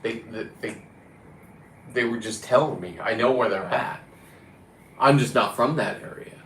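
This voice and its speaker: A man's voice: mid-range voice, unhurried, fairly bright tone. A man chatting casually to camera about diving, rambling and blunt, with the odd swear word. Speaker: free diver and vlogger. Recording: roomy echo with faint background noise.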